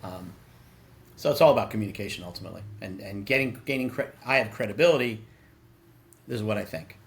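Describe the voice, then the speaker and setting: A middle-aged sales executive guests on a podcast, chatting casually and animatedly and acting out quoted dialogue in his stories. His voice is on the low side, gravelly, and fast.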